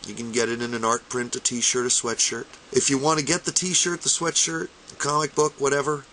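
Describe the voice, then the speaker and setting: A man's voice: mid-range voice, flat delivery, a little fast, slight background noise, rough recording. A man giving an impassioned fundraising appeal to camera, urging listeners not to quit, choked up with emotion. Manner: fervent, repetitive exhortations, rising to near-shouting. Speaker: armored combat fighter making a fundraising appeal.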